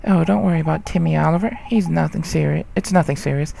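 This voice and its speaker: A man's voice: a little high, quick pace, gravelly, mellow, slight background noise. A man voicing a fussy older woman in a game, cooing and doting as she talks.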